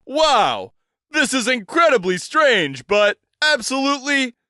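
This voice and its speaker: A man voicing a cheerful, self-assured adventurous man who speaks calmly and with confidence. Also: very high voice, slow, no echo, clean studio sound, voice pushed up, full character voice. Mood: calm, upbeat.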